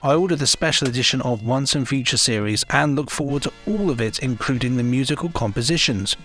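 A man's voice: medium pitch, brisk, a bit bright, soft background music. A man co-hosting a podcast, talking in an enthusiastic, rambling, chatty way. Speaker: podcast co-host. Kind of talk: casual chat.

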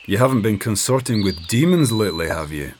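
A man's voice: fairly low pitch, expressive, fairly quick, darkish tone, slight background noise, pitched above the performer's own voice, close to an everyday voice. A man reading aloud voices a suspicious, matter-of-fact male outlaw who speaks firmly. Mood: blunt.

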